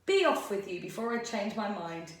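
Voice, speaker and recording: A woman's voice: mid-range voice, very animated, normal speed, slight background noise, natural voice. Woman putting on a roaring mean troll. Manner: roaring, snarling. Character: big mean growling male troll. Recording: roomy echo.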